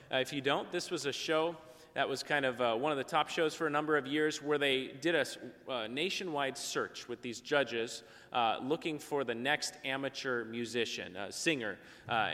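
Bright-voiced man preaching in a hall. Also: mid-range voice. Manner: conversational, acts out quoted voices. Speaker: pastor. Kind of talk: sermon with storytelling. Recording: long hall reverb.

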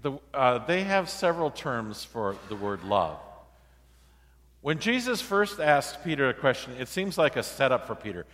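A male pastor preaching a sermon in a relaxed, conversational, storytelling way, acting out the quoted dialogue. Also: mid-range voice, in a large hall.

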